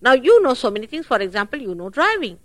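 A woman giving a spiritual talk at a public program, animated and full of rhetorical questions. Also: sits high, quick pace, dry recording. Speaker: spiritual teacher.

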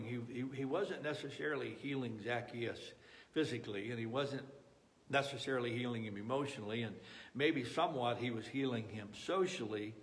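A man's voice: mid-range voice, fairly bright tone. A man preaching a sermon as a pastor, talking in an earnest, pleading way with frequent restarts.

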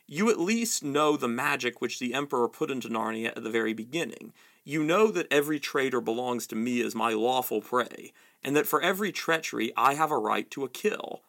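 Shrill witch queen, read by a man, imperious, gravelly edge, high and swooping. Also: fairly bright tone. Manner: shrill and demanding.

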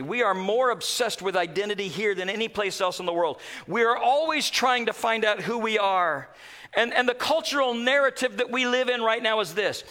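A middle-aged man preaching a sermon, dropping from ringing emphasis to hushed, near-whispered lines. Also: high-pitched. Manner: dramatic swings from loud to hushed. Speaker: pastor.

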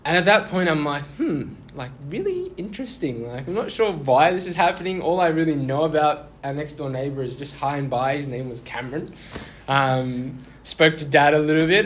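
Chatty young preacher, slightly high. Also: male voice, a bit bright, slight background noise. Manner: chatty, self-deprecating, laughs through awkward moments. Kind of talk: casual sermon storytelling.

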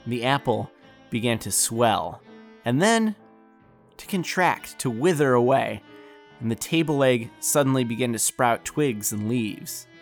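A man narrating a fantasy story in a relaxed, conversational way. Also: medium pitch, a little slow. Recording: faint background music.

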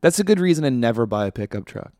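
A man in the middle of his pitch range rants sardonically through a casual comedy monologue as a podcast host. He swears freely. His voice sits close and dry, with no room around it. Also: big pitch swings, fast, darkish tone, no echo. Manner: ranting, sardonic, profane.

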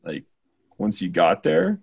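Gravelly casual podcast guy. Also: lowish voice, slow pace. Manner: animated, says like a lot, mixes in Spanish. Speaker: podcast co-host. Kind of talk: casual chat.

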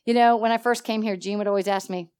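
A woman teaching a church Bible study with animated energy, laughing often and acting out conversations. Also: medium pitch, fast, clear, resonant tone. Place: church meeting room.

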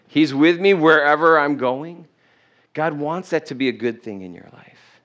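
A man's voice: fairly high pitch, normal speed, a bit bright, lo-fi sound. A middle-aged man preaching to his congregation, reading scripture aloud and putting questions to the people. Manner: reads scripture aloud with self-corrections. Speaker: pastor. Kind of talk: sermon. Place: church.

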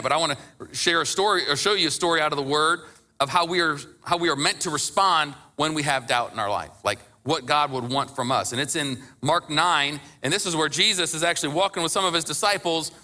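A man's voice: a little high, pushed and bright. A man preaching a sermon in a conversational way, who acts out scripture quotes and rises to impassioned emphasis. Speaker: pastor.

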